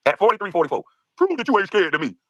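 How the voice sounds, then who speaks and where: A man ranting fast in a heated podcast chat, mocking and trash-talking with frequent laughs. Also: high voice, very animated, fairly bright tone, dry recording, dull audio. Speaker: guest streamer.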